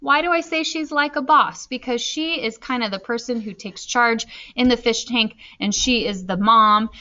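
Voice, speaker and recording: A woman teacher talking slowly and deliberately through a recorded reading lesson, spelling out her answers as she writes them. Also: on the high side, bright, forceful tone. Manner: slow, deliberate, spelling out answers while writing. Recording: slightly dull lo-fi recording.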